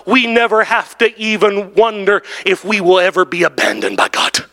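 A man preaching a sermon in church, building to shouts and drawn-out, emphatic phrases broken by "oh" and "hallelujah". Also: high voice, very animated. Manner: drawn-out emphatic delivery with interjected "oh" and "woo, hallelujah". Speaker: pastor.

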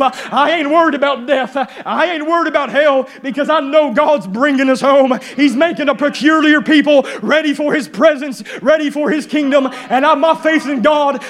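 High-pitched fervent preacher. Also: male voice. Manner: fervent, shouting with rising intensity. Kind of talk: sermon. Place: church. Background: faint piano music.

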